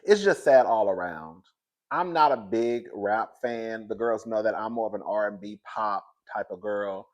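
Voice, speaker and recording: A man hosting a casual pop-culture commentary show, animated and dramatic, calling everyone "girl" and laughing often. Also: on the low side, normal speed.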